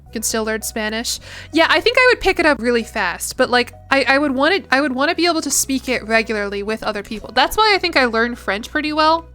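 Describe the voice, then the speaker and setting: A woman's voice: high-pitched, animated, fast talker, pushed and bright, faint music behind. A young woman in her twenties, chatting casually and rambling as a streamer while she plays, swearing now and then. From United States. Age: 20s. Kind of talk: casual chat while gaming.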